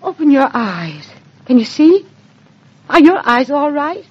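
A sharp-tongued middle-aged mother whose scolding swoops lively up and down in pitch. Her voice sits a little high, and the sound is dull and lo-fi, like an old radio broadcast. Her delivery has the brisk polish of 1940s radio acting. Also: dry recording. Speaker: actor in a radio drama.

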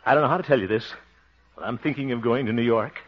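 A man's voice: medium pitch, fast talker, close to an everyday voice. A man playing a vain, scheming small-town radio singer in a radio comedy, chuckling and pleased with himself. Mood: sly flirting. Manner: chuckling, self-pleased, playfully sly. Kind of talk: 1940s radio acting. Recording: muffled old radio broadcast with loud hiss.

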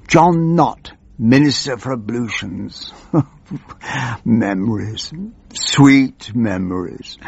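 A man's voice: on the low side, gravelly, husky, no echo, highs cut off, heavily acted. An actor playing a doddering, forgetful old male member of parliament who rambles pompously through his muddled memories. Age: older. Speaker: comic character monologue. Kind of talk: scripted comic monologue.

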